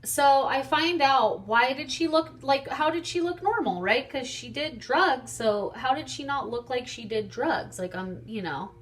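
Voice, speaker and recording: A woman's voice: sits high, expressive, unhurried, few pauses. A young woman vlogger chatting casually and animatedly through a storytime, swearing freely. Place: home, getting ready on camera.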